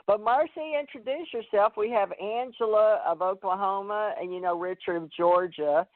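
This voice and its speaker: A man's voice: sits high, moderate pace, dry recording. A man hosting a call-in radio show, talking in a rambling way with many fillers and restarts. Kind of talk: casual call-in chat. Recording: tinny phone line.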